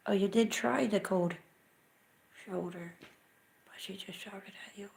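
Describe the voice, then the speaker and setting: Gravelly-voiced woman chatting on a livestream. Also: medium pitch, a little slow, long pauses, a little mellow. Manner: chatty, self-mocking, muttering to herself. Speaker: livestream host. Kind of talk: casual live chat. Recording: echoey room.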